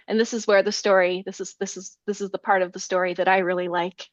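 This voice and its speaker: A woman's voice: mid-range voice, little pitch movement, moderate pace, dry recording, muffled recording. A woman scholar, a guest in an interview, retelling a folk tale with animation and acting out the characters' lines. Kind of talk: storytelling in an interview.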